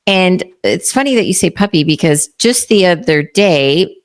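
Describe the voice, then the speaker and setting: A Texas woman in her fifties hosts a casual podcast interview, speaking at normal speed in a fairly low, expressive voice. Chatty by nature, she shares family anecdotes and acts out the quotes in them.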